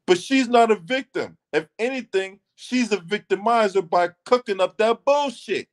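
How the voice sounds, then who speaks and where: A man's voice: high-pitched, lively intonation, normal speed. A man hosting his own channel, giving a ranting commentary that is emphatic and profane, and repeating lines for stress.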